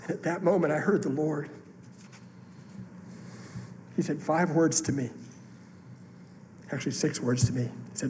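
Earnest preacher in a reverberant hall. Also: male voice, fairly high pitch, a little slow, pauses often, a little mellow, a little hiss or hum. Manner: earnest, emotional testimony with rising outbursts. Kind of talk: sermon storytelling. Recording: long hall reverb, faint room ambience.

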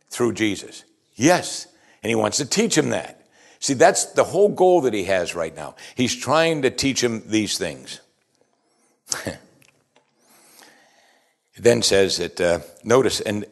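Man, lowish voice, sermon, conversational preaching, rhetorical questions, bursts of emphasis.

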